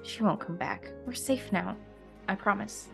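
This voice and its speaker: A woman voicing a gentle young mother who speaks softly and reassuringly. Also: medium pitch, measured pace, vocal fry, over music, pitched above the performer's own voice. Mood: soothing. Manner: soft, reassuring.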